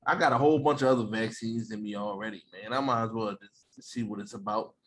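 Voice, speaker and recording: A man's voice: lowish voice, fast, a bit bright. A man co-hosting a podcast in loose, joking, profane banter. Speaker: podcast co-host. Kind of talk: casual chat.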